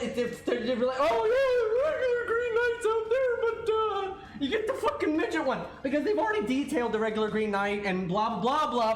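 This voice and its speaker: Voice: medium pitch, roomy sound. A streamer on a livestream, ranting, swearing and stammering out of exasperation. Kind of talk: livestream rant.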